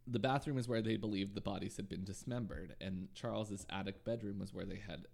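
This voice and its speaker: A man hosting a podcast, narrating a true crime case in a relaxed way with frequent ums and asides. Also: lowish voice, fairly quick, vocal fry. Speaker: podcast host.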